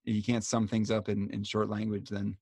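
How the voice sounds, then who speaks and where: A man's voice: fairly low pitch, flat delivery, normal speed, darkish tone, breathy edge, no echo. A man hosting a podcast, talking in a rambling, reflective, self-deprecating way. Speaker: podcast host. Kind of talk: casual conversation.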